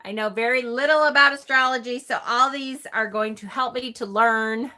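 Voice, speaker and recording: Woman host, live-stream chat, bright and forceful tone, high-ish voice, laughs easily, reads aloud and answers chat. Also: moderate pace. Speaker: host of a tarot channel.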